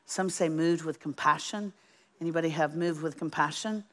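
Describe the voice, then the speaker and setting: A woman preaching a sermon in an animated, folksy way, asking the congregation questions. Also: low voice, normal speed. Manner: animated, folksy, asks the audience. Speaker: Bible teacher.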